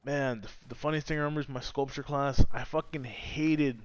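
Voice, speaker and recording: A man's voice: medium pitch, fairly even intonation, brisk, clear, resonant tone. A young man vlogging, casually retelling a story from his school days in a rambling, profane way. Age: young adult. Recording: dry, slightly dull close recording.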